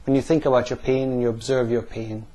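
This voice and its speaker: Guy talking you through a pain visualization, slow questions, lots of pauses. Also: mid-range voice, level tone, dark tone. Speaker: NLP practitioner. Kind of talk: guided visualization exercise.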